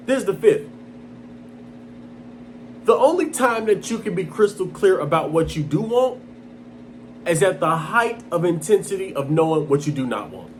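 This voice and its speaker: A man delivers a fired-up motivational monologue, his raised voice swinging widely in pitch as he hammers the same points again and again. He mocks lukewarm wishes in a flat, bored tone before bursting back into intensity. Faint noise sits under the recording. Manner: intense, emphatic, repeats points, mocking quotes in a flat low voice. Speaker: motivational speaker. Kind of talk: impassioned self-help monologue.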